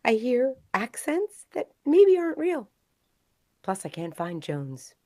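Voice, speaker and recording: A woman playing a paranoid, secretive agent who speaks in clipped, suspicious lines and swings between loud outbursts and whispers, over a video call. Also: a little high, huge pitch swings, takes it slowly, no room sound, full character voice. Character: paranoid secretive agent hunting a missing partner. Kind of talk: improv comedy character.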